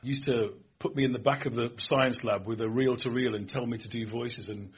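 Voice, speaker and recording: A man's voice: medium pitch, fairly even intonation, fairly quick, slightly rough, muffled recording. A man hosting a chat show, asking jokey, chummy questions of his guest. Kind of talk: casual chat show interview.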